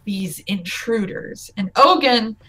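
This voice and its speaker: A woman narrating as game master in a tabletop game, chatty and quick to laugh. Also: mid-range voice, a bit bright, slightly rough, low-quality recording.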